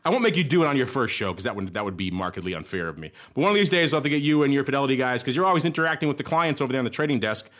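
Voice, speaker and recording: A man's voice: mid-range voice, sing-song, racing, hardly any pauses, a bit bright. A man hosting a podcast segment, chatty and jokey as he introduces it. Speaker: podcast host.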